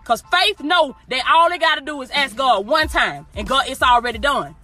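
A woman with a high, bright voice preaches in a loose, emphatic style, hammering her points through repetition. She talks directly to her listeners as if they were in the room, with faint music playing behind her. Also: animated, normal speed. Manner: emphatic, repeats phrases, addresses listeners directly with y'all and baby. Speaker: motivational preacher. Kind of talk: informal preaching.

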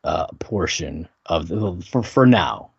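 A man's voice: low-pitched, animated, slow, gravelly, husky, no echo, lo-fi sound. A man co-hosting a podcast, chatting casually and joking about a TV show. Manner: laid-back, laughs often, joking. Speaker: podcast co-host. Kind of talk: casual chat recapping a TV show.

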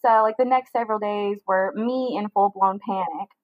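A young woman telling a personal story in a casual interview, talking quickly with lots of "like" fillers. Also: mid-range voice, fairly even intonation, dry recording, lo-fi sound. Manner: fast chatty storytelling with many "like" fillers. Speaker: guest telling her story.

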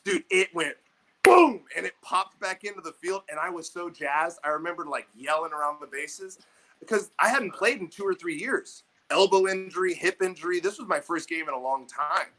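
A young man telling an animated, profane story in casual chat, acting out what people said to him. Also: high-pitched, normal speed, low-quality recording. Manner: animated, profane, acts out quotes. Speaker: podcast co-host, baseball coach.

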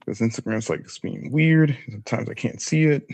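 A man hosting a casual podcast, relaxed as he reads out listener questions. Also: mid-range voice, a little fast, gravelly. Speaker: podcast host. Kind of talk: casual conversation.

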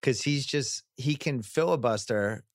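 A man's voice: mid-range voice, measured pace, dry recording, clean studio sound. A middle-aged man hosting a podcast, chatting casually and jokily with sports metaphors. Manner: jokey, sports metaphors, riffs eagerly. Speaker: podcast host.

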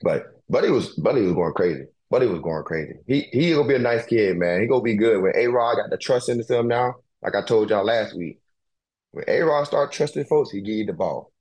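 A man hosting a casual chat, talking in a slangy, profane, animated way, repeating phrases for emphasis and laughing often. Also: fairly low pitch, fairly quick. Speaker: podcast host and pro football player.

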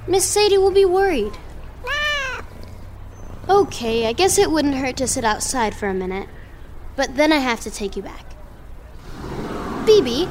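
A bright-voiced, inquisitive young girl detective for a kids' audio drama, lively delivery. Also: high voice, slight background noise. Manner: inquisitive, talks to her cat. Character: curious young girl private eye.

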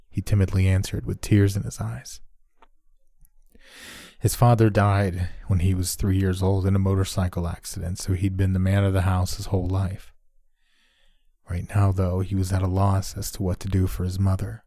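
A man narrating a horror story in the first person with a steady, dramatic reading. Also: deep voice, normal speed, dry recording, studio quality.

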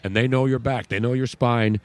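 A man's voice: medium pitch, steady tone, a little fast, no room sound. A man hosting a talk radio show, chatting loosely and reading a live ad. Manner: chatty, rambling.

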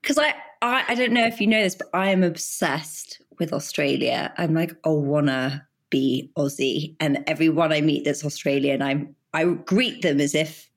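A woman's voice: low-pitched, normal speed, few pauses. A woman hosting a podcast, chatting in a bubbly, exclamatory way. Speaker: podcast host. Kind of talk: casual conversation.

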